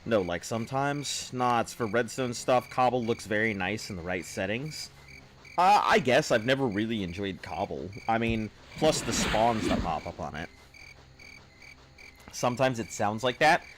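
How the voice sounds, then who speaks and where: A man chats loosely with his stream audience, drifting between thoughts and filling gaps with "uh" and "like". His voice sits fairly low. Faint crickets and insects chirp behind him. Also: expressive, moderate pace, background noise. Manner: rambling and offhand, answering chat with fillers. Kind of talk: casual live-stream chat.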